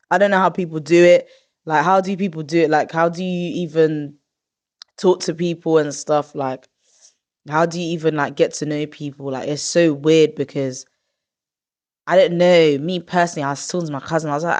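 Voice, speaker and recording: A woman in her twenties hosting a podcast in casual chat. She talks in an expressive, rambling way, with drawn-out groans of disgust. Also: deep voice. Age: 20s. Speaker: podcast host.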